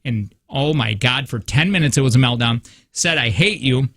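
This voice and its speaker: Bright, lively radio host man. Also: mid-range voice, moderate pace, no echo. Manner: animated storyteller, acts out family members' voices. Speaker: radio morning show host. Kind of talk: casual on-air banter. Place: radio studio.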